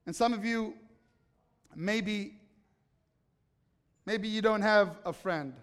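A man preaching a sermon as pastor, animated, swinging between loud urgency and quiet hushed stretches. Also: sits high, slow, smooth, big-room sound. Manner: animated preaching, shifts from loud excitement to soft hush. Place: church sanctuary.

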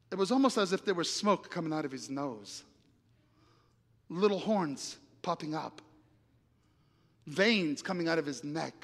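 A man preaching, telling a personal story with lively acted-out dialogue and big swings between loud and hushed lines. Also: fairly high pitch. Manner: animated storyteller acting out dialogue, dramatic volume swings. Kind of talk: sermon storytelling. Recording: reverberant hall.

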